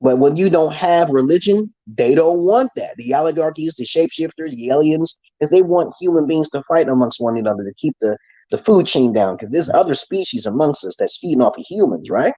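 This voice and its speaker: A man rants at his viewers in a rambling monologue, swearing freely and stumbling over restarts. His voice is mellow and slightly husky. His pitch swings widely from low mutters to sudden high bursts. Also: lively intonation, a little fast, rough recording. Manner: ranting, heavy swearing, many restarts. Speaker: channel host.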